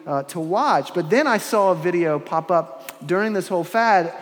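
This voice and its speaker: A man preaching a sermon in a measured, earnest way, with pauses and restarts, in a large church. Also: high voice, expressive. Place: large church with long reverb. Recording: long hall reverb.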